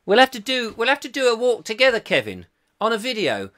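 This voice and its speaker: A man hosts a comic chat show live on a webcam from home, rambling playfully and joking as he reads out viewer comments. His voice is bright and animated, and it swoops up and down all the time. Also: very high voice, fast. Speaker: host. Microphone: webcam, live stream.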